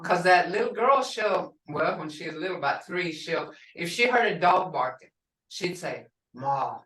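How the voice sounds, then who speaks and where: An older woman teaching a language class, speaking slowly and patiently and repeating words for her learners. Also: on the low side, expressive, a bit bright. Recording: roomy and distant from the mic.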